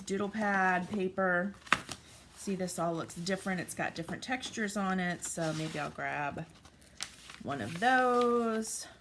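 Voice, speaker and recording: A woman in her forties giving a casual craft tutorial at home, chatty and thinking aloud with frequent ums. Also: fairly low pitch. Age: 40s. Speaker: craft vlogger. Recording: steady background noise, paper crinkling.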